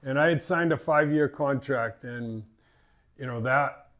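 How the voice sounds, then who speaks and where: A man's voice: mid-range voice, unhurried, fairly bright tone. An older man with a Boston accent, a fishing captain telling stories in a casual interview, rambling and repeating words. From Massachusetts.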